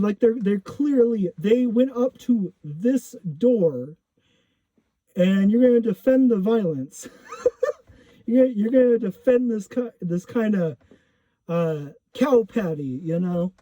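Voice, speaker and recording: A man's voice: high voice, animated, slow pace, mellow, no room sound. Man, casual storyteller, rambling and self-correcting, dry close sound, dull lo-fi recording.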